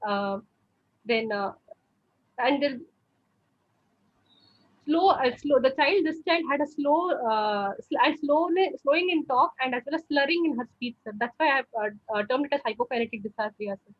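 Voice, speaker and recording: A woman's voice: sits high, lively intonation, normal speed, muffled recording. A woman presenting a case as a postgraduate student, deferential and hesitant, saying "uh" and "sir" often. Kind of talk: case presentation answering examiner.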